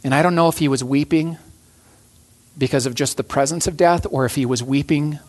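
A man's voice: on the high side, a little fast. Earnest man preaching a sermon. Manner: earnest, restarts phrases and repeats key lines. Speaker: pastor.

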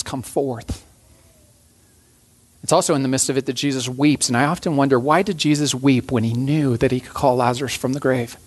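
A man preaching a sermon as a pastor, earnest, often restarting and repeating phrases. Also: mid-range voice.

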